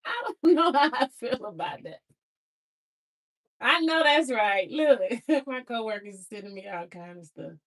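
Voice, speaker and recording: A woman hosting a casual livestream, talking in an emotional, excitable way full of laughter and slang, close to tears. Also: a little high, measured pace. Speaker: livestream host.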